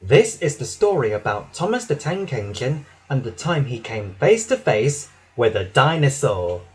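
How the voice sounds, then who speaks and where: A man narrating a children's storybook with an expressive, dramatic reading. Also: medium pitch, a little slow, breathy edge.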